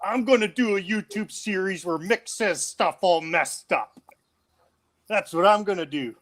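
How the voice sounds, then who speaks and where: A man co-hosting a casual podcast chat, playful and quick to laugh. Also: high-pitched. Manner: laughs easily, lively and playful. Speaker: podcast co-host.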